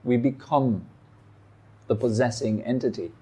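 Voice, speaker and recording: A man giving a meditation talk, calm and reflective, speaking in short phrases with pauses. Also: mid-range voice, slightly rough. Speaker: meditation teacher. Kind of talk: dharma talk. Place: meditation hall.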